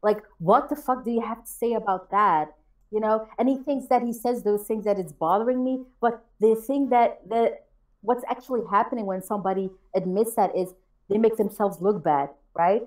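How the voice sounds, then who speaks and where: A woman's voice: mid-range voice, moderate pace. Profane ranting woman on a chat show. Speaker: co-host of a call-in chat show. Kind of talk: heated casual chat.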